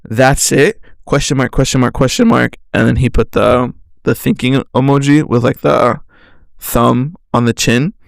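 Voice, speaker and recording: A man's voice: mid-range voice, steady tone, measured pace, creaky, dry recording, clean studio sound. A young man hosting a casual monologue, animatedly retelling a chat conversation, reading the messages aloud and swearing freely. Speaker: podcast host.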